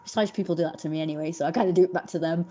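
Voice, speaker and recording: A young woman chats on her livestream in a loose, rambling way. Her voice sits a little low. She fills her sentences with fillers and often restarts them. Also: steady tone, racing, dark tone, dull audio. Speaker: livestream host. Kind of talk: casual livestream chat.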